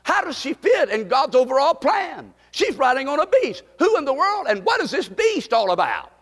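A man's voice: very high voice, sing-song, normal speed, a bit bright, in a large hall. A man preaching a Bible study sermon, drawing the congregation into call-and-response and building to emphatic, repeated questions. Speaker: pastor.

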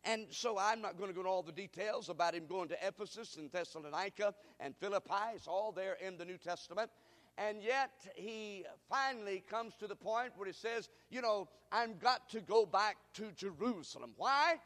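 A man preaching a sermon, emphatic, drawing the congregation into call-and-response and rising to shouts. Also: high-pitched, a little fast. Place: church sanctuary. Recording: reverberant hall.

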